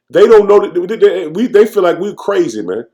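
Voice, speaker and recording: A man giving an informal, fervent sermon, reading verses slowly and then commenting, tagging "man" onto nearly every phrase. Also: high-pitched, warm tone. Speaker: scripture teacher. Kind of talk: informal preaching with scripture reading.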